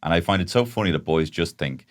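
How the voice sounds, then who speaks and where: A man's voice: low voice, quick pace. A man co-hosting a comedy podcast, teasing his friends and ranting wryly. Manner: wry, teasing, expressive ranting. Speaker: podcast co-host. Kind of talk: casual comedic chat.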